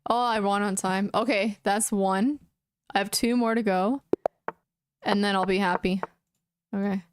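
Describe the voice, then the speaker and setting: A woman's voice: mid-range voice, fairly even intonation, unhurried, smooth, dry recording. Anxious young woman muttering to herself. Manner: anxious self-talk, muttering and repeating words. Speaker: chess streamer. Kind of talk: casual live-stream commentary while playing.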